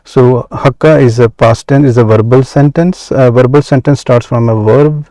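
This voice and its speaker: Slow-paced man teaching Arabic grammar. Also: mid-range voice, fairly even intonation, warm tone, no echo. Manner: measured, many "uh" pauses, slow deliberate explanation. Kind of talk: explaining grammar from a workbook.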